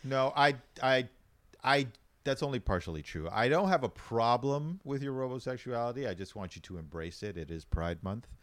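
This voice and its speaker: A man co-hosting a podcast, trading wry, deadpan quips in casual banter and laughing along. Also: medium pitch, normal speed, no echo. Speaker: podcast co-host.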